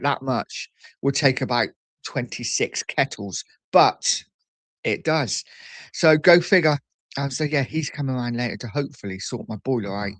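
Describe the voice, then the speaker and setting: Casual male streamer, mid-pitched, dry close sound, chatty reader of viewer messages. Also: a bit bright, dry recording. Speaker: livestream host. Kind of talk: casual live chat.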